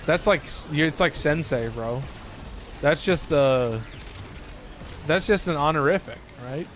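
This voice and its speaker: A man's voice: fairly high pitch, a little slow, fairly bright tone, slight background noise. A man live-streaming a video game, chatting casually with viewers, joking and laughing often. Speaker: gaming streamer.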